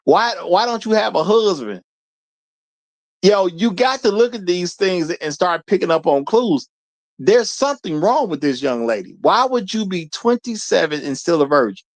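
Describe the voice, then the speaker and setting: This livestream host's voice sits high and is very animated, at a normal speed. He addresses his chat head-on, lecturing them bluntly and preachily in casual commentary.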